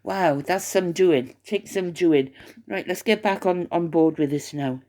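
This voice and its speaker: Rambling older woman, lowish voice. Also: a little slow, a little mellow. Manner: rambling, gossipy, hesitant with fillers. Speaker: YouTuber. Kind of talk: casual chat to camera. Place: retirement home, indoors.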